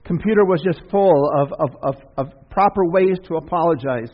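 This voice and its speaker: A man's voice: a little high, normal speed. A man preaching a sermon as pastor, folksy and conversational, with asides and questions to the congregation. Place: church sanctuary. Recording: dull sound with long church reverb.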